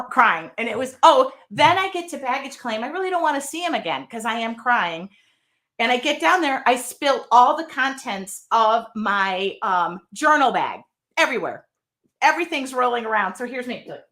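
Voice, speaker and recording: A woman's voice: on the high side, sing-song, normal speed, sharp tone. A woman in her fifties hosting a casual chat, telling a rambling, heartfelt story. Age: 50s. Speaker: host.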